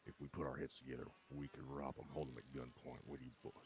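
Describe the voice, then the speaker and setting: A man's voice: rumbling low, level tone, quick pace, background noise. A man playing a scheming outlaw who hatches a robbery plot with his new gang. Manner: conspiratorial, bossy gang leader. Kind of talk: role-play in an online western game.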